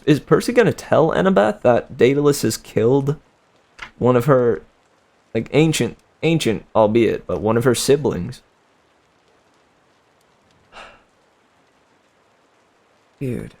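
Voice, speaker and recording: A young man in his twenties chats with his livestream viewers between chapters. He talks slowly and rambles, with slangy asides and frequent laughs. His voice carries a gravelly, creaky texture. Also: medium pitch, sing-song, darkish tone. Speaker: livestream book reader. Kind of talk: casual chat with viewers.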